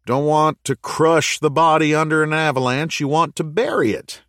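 A man's voice: a little high, fairly even intonation, moderate pace, a bit bright, no room sound, studio quality, voice pushed up, lightly acted. A man voicing a teasing male shift boss on an audiobook, raising his voice. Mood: instructive.

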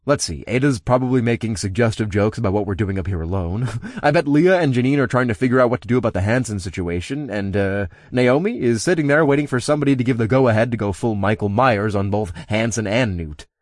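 A man's voice: mid-range voice, lively intonation, quick pace, hardly any pauses, no echo, clean studio sound. A young man narrating a first-person audiobook in an easygoing, lightly amused way, also speaking the narrator's own lines.

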